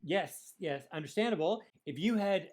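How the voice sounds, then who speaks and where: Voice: medium pitch, lively intonation, moderate pace, loud music behind the voice. A drag show host in casual banter, campy and teasing, calling people darling and baby.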